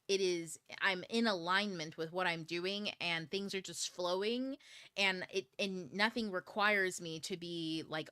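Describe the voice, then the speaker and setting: A woman with a low voice talks straight to her audience in a loose, rambling way, cursing offhand and breaking into laughs. The sound is dry and close, with no room echo. She hosts her own livestream, recorded on a camera mic. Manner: swears casually, laughs often, rambling and animated. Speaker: host of a book club livestream. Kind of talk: casual chat to viewers. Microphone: camera mic on a DSLR.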